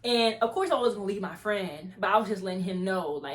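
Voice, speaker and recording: A woman's voice: medium pitch, fast talker. A young woman vlogger telling a story casually and animatedly, acting out the voices of the people in it.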